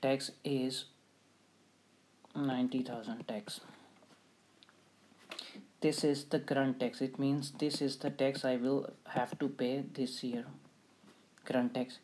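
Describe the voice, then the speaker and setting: A man tutoring accounting, talking haltingly with many restarts and acting out little dialogues. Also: medium pitch, flat delivery, darkish tone, slight background noise, poor audio. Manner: halting, repeats and restarts phrases; acts out dialogues with a tax office. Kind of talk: explaining an exam topic.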